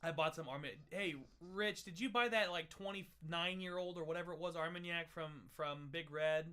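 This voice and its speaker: Bright-voiced, playful young man. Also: fairly high pitch, normal speed, smooth. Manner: playful, jokey, breaks into laughs. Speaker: livestream host. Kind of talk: casual tasting livestream chat.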